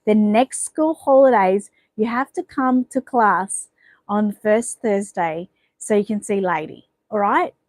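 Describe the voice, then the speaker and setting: This livestream host, a middle-aged Australian woman, speaks slowly in a mid-range, darkish voice; the recording is rough and has no room sound. She rambles through a casual chat, reading comments and being playfully bossy with viewers.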